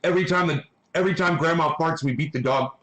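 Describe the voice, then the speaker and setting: A man's voice: a little high, fast talker, fairly bright tone. A man hosting a casual livestream, ranting with heavy swearing while reading and answering chat. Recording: echoey room.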